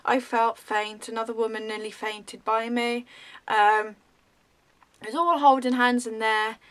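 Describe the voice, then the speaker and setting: A woman vlogger telling a story in a rambling, animated way, full of ums. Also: on the high side, unhurried. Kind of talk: casual storytelling.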